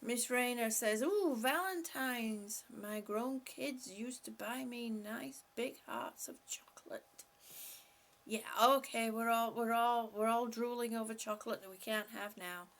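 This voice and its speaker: A woman hosting a relaxed live stream, talking slowly with a gravelly, creaky edge to her voice. Her voice sits a little higher than most. She reads out viewer comments, answers them, and laughs often between them. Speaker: vlogger reading live chat. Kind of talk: casual live-stream chat.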